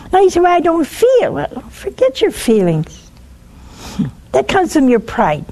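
A woman leads a religious teaching show with callers. Her voice sits somewhat high and rises and falls a great deal. She tells stories with animation and acts out little exchanges. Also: husky. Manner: animated storytelling, acts out dialogues. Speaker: host. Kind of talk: religious teaching with call-ins.

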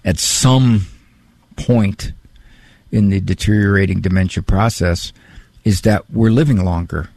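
A man's voice: sits low, measured pace, vocal fry, pauses often, darkish tone, no room sound. A man hosting a radio call-in show, talking loosely and repeating himself as he goes. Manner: rambling, repeats words, chuckles at own story. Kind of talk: conversational call-in talk. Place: radio studio. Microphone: studio mic.

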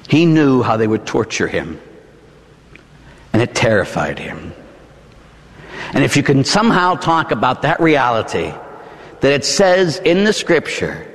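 A man, a Catholic priest, preaching a dramatic sermon that swings from hushed to shouting, in a church. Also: on the high side, in a large hall.

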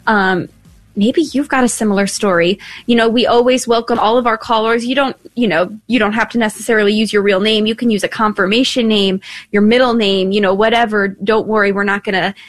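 A woman's voice: medium pitch, steady tone, fairly quick, dry recording, faint music behind. A woman hosting a call-in radio talk show, upbeat and chatty as she invites listeners to call in.

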